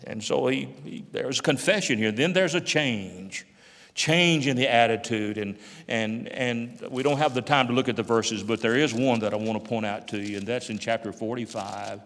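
A man preaching a sermon, impassioned, swinging from hushed passages to loud cries. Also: medium pitch, moderate pace. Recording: long hall reverb.

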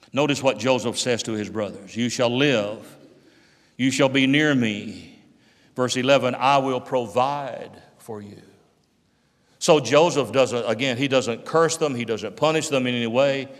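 Impassioned preacher man in a reverberant hall. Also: mid-range voice. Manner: impassioned, swinging from hushed to loud cries. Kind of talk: sermon.

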